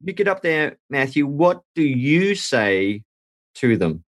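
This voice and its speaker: A man hosting a podcast, asking questions in an animated, joking way during a casual discussion. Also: a little high, slow, no room sound.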